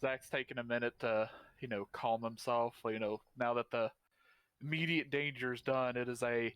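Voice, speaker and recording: A man playing in a tabletop game, calmly describing what his character does. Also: medium pitch, normal speed, clean tone, no room sound. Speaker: player. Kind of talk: casual tabletop play.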